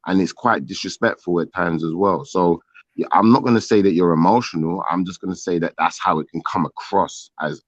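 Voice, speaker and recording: A man calmly arguing a point as a guest in a live-stream debate. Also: sits low, no echo. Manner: measured, insists on talking freely. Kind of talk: calm argument on a live stream. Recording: dull lo-fi call audio.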